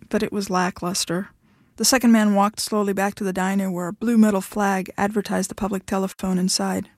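A woman author reading her short fiction aloud in a measured storytelling manner. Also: medium pitch, little pitch movement, no echo, clean studio sound.

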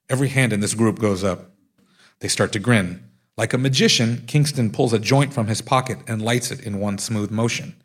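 A man reading aloud from his own book, telling a story in a wry, steady way. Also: lowish voice, moderate pace. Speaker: author.

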